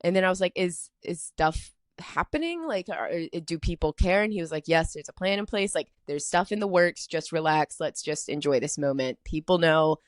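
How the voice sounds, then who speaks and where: A woman's voice: on the low side, expressive, moderate pace, hardly any pauses, no room sound, studio quality. A young woman from Atlanta hosting a solo podcast, telling a story in a chatty, rambling way full of "like". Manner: chatty, rambling, heavy filler "like". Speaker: podcast host.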